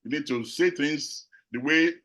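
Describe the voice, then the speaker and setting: A middle-aged man from Nigeria with a Nigerian accent, giving a measured, reflective talk to an audience as a panel speaker, pausing often on fillers. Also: fairly high pitch, a bit bright, low-quality recording. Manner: measured, with frequent filler pauses.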